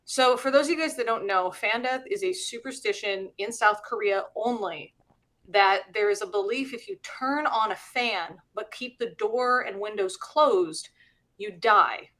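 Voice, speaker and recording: A middle-aged woman talks in a relaxed, chatty way as the host of a live stream. Her voice sits at a middle pitch, and she breaks into small laughs as she walks through her explanations. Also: a little slow. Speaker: host and teacher. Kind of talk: casual live-stream chat.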